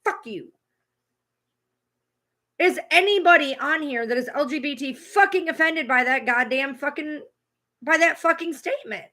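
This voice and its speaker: High-voiced woman in a heated rant. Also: normal speed, pauses often, sharp tone. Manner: heated, swearing, repetitive. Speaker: streamer reacting to a clip. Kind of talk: profane livestream rant.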